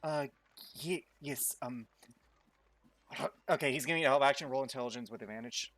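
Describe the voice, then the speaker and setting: A man acting as dungeon master of a tabletop game, who explains the rules in a playful, animated way. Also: mid-range voice, brisk, dry recording. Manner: playful and animated, breaks into song.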